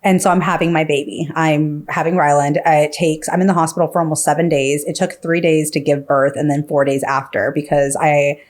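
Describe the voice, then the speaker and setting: Chatty woman telling a story, lower voice. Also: level tone, brisk, hardly any pauses, a little mellow. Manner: filler-heavy, acts out quoted dialogue. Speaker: podcast guest. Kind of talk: casual storytelling.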